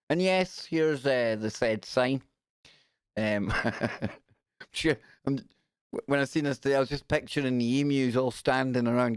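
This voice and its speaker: A man's voice: mid-range voice, moderate pace, clear, resonant tone, dry recording, clean studio sound. A man hosting a casual live stream, chatty and jokey, giggling as he reads out news. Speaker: radio show host.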